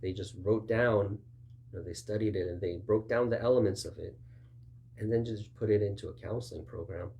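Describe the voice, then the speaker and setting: A man's voice: brisk, mellow. A man preaching in a conversational sermon style, acting out little back-and-forth dialogues in a raised voice. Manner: conversational, acts out both sides of dialogues with raised pitch. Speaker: pastor.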